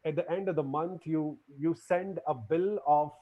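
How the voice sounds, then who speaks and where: A man giving an academic lecture as guest lecturer, animated, often repeating his words and acting out quotes. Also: on the high side, normal speed, muffled recording.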